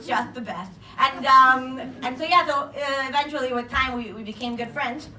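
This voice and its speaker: A high-pitched young woman working an open mic stage, loose and profane, laughing through her stories. Her voice bounces around an echoey bar room, picked up from a distance. Audience laughter and chatter hang behind her. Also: normal speed, pushed and bright. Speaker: stand-up comedian. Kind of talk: open mic stand-up set. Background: audience laughter and room noise.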